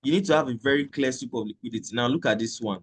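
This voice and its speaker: A man's voice: mid-range voice, fast, slightly rough. A man teaching a live trading lesson in a conversational way, repeating points and checking in with "okay?". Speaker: trading instructor.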